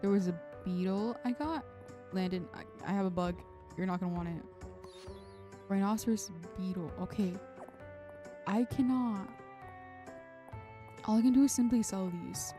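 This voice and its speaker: A woman's voice: mid-range voice, moderate pace, long pauses, music in the background. A woman streamer chatting casually through gameplay, muttering to herself and swearing now and then.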